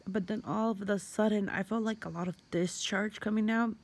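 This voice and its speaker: Gravelly young woman telling a story. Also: mid-range voice, fairly even intonation, moderate pace. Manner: rambling, heavy use of "like" and fillers, swears. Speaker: vlogger. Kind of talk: casual personal storytelling.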